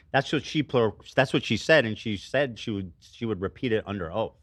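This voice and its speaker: A man's voice: fairly low pitch, lively intonation, normal speed, a bit bright, no room sound, studio quality. A man co-hosting a casual livestream, talking in an emphatic, teasing way.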